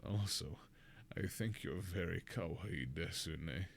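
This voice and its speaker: A man's voice: sits low, unhurried, creaky, a little hiss or hum, voice pushed down. A man doing a shy Southern weeb country boy. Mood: nervous. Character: awkward young male anime-fan country boy.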